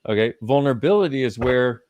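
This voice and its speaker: A man's voice: medium pitch, expressive, fast talker, a little mellow, no echo. A man speaking as a guest in a live conversation, teaching with emphasis and casual swearing.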